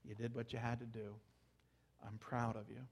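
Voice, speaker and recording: A preacher voicing a gentle, proud coach. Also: male voice, medium pitch, level tone, normal speed, gravelly, voice pushed down. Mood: tender.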